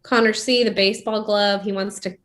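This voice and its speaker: A woman's voice: medium pitch, fairly even intonation, brisk, a bit bright. A woman co-hosting a podcast, chatting casually and gossiping with a friend, laughing often. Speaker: podcast co-host. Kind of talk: casual chat.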